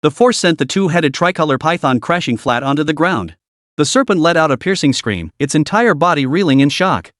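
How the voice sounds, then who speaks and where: A man's voice: a little high, lively intonation, fairly quick, a bit bright, no echo, clean studio sound. A man narrating a recap story in a dramatic, scripted style.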